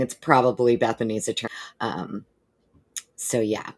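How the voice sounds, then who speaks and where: A woman's voice: rumbling low, measured pace. A woman hosting a casual live stream, chatting with viewers by name and swearing freely while going over court documents. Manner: animated, with exaggerated put-on quote voices.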